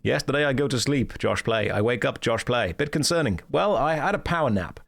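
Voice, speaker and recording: A man's voice: mid-range voice, lively intonation, fairly quick, gravelly, a bit bright. A man streaming a game, chatting casually and explaining mechanics in a playful, self-mocking way.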